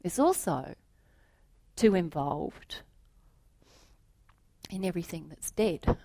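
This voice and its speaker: Woman spiritual teacher, slow and lively in pitch, storytelling talk with rhetorical questions. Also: vocal fry. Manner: slow, animated, with soft asides and rhetorical questions.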